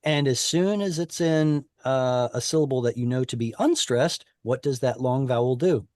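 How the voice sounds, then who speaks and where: A man's voice: mid-range voice, moderate pace, darkish tone, no room sound, studio quality. A man teaching an online Hebrew class, explaining informally with many fillers and restarts over a video call.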